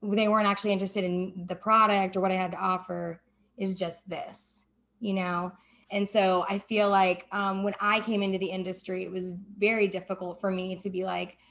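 A woman's voice: mid-range voice, moderate pace. A woman who owns a cannabis business, speaking as a panel guest and acting out remembered conversations. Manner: animated, acts out quoted dialogue. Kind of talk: casual panel discussion.

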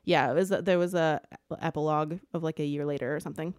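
A woman's voice: low voice, quick pace, clear, resonant tone, no room sound, clean studio sound. Ranting, swearing woman retelling a book. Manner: animated ranting storyteller, swears freely. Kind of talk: casual book chat.

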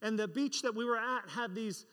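An English pastor preaches a sermon in a reverberant hall, telling a story from his own life and acting out the voices of the people in it. His high voice is fairly bright and moves at a normal speed.

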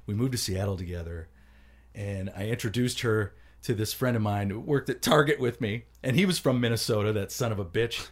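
A lowish-voiced man talks briskly while co-hosting a casual podcast. He's a lively storyteller, acting out what people said along the way.

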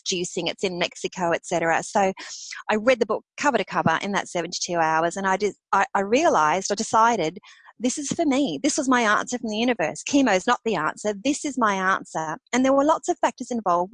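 A woman's voice: mid-range voice, no echo, poor audio. Woman telling her story animatedly. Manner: animated, laughs often between phrases. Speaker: podcast guest. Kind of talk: personal storytelling.

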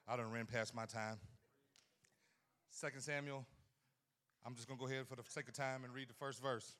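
A man preaching a sermon at a men's conference, folksy and humorous, swinging from shouts to hushed asides. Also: mid-range voice. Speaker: pastor.

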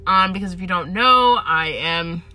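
A woman's voice: lowish voice, moderate pace, pushed and bright. A young woman from Atlanta hosting her podcast from her parked car, chatting casually, swearing freely and laughing often. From Atlanta, United States. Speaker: podcast host. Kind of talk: casual chat. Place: parked car in a parking garage.

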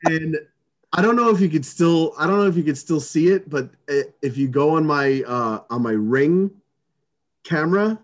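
A man's voice: a little high, expressive, moderate pace. A man telling a long story in casual chat, rambling with many restarts, fillers and swear words.

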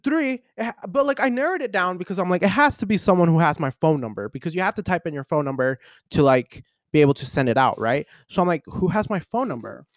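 Twenty-something guy hosting a podcast, kinda high voice, animated, says "like" a ton. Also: quick pace, no room sound, clean studio sound. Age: 20s. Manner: animated, rambling, heavy use of "like". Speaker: podcast host. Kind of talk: casual storytelling monologue.

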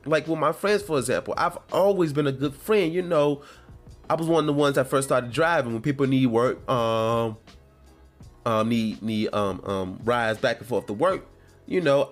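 A man hosting his own show, talking in a casual, rambling and heartfelt way from home. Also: mid-range voice. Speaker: podcast host. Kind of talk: casual solo talk.

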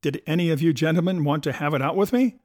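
A man voicing a menacing old pirate cook and captain, blustering in rough seafaring talk. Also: mid-range voice, measured pace, no echo, clean studio sound, lightly acted. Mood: roaring.

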